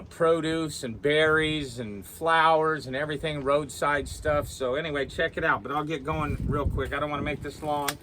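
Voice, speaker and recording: A man's voice: medium pitch, a bit bright, slight background noise. A man hosting a casual cooking show aboard a small sailboat, rambling along and tagging nearly every sentence with "okay?".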